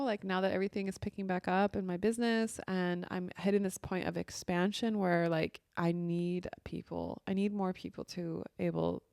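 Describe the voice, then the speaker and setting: A woman's voice: fairly low pitch, steady tone, moderate pace, creaky, few pauses, a little mellow, dry recording. A young adult woman talking casually about her life, a spiritual coach who fills her talk with "like" and "you know.". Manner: chatty, heavy use of "like" and "you know". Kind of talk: casual monologue.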